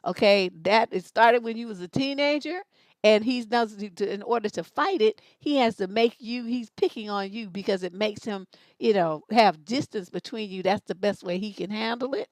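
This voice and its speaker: A woman's voice: mid-range voice, moderate pace, no room sound. Blunt, emphatic woman advice host. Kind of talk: live advice show, casual talk.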